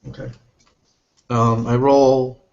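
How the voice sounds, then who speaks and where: A man's voice: medium pitch, flat delivery, takes it slowly, gravelly, darkish tone, muffled recording, a little hiss or hum. A man playing a tabletop game, describing his actions in first person and correcting himself as he goes. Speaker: player.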